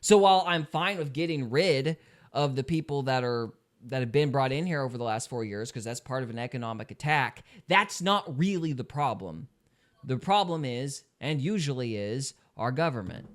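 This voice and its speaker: A man co-hosting a casual podcast, talking in lively bursts of opinion with laughs between. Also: mid-range voice, normal speed. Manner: animated, laughing, ranting in bursts. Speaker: podcast co-host.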